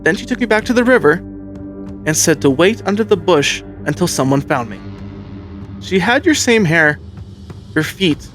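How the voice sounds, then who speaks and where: A frightened little boy recounting something strange in simple words, as a man reads his lines on a podcast. The voice sits only slightly higher than a grown man's. Soft music plays faintly underneath. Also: lively intonation, moderate pace, pauses often. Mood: earnest. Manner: recounting strange events in a quoted child's words. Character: frightened little three-year-old boy.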